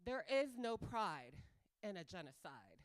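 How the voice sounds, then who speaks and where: A woman's voice: medium pitch, very animated, unhurried, slight background noise. A woman hosting a live event as a flamboyant drag performer, joking with the crowd and leading a guided breathing exercise. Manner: flamboyant, loud and playful with the crowd.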